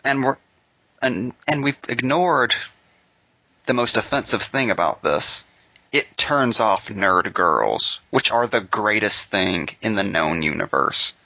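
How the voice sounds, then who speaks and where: Bright-voiced sardonic young man, dry and muffled. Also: fairly low pitch, expressive, slow pace, no echo. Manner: sardonic, mock-quoting others. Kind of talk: casual group chat.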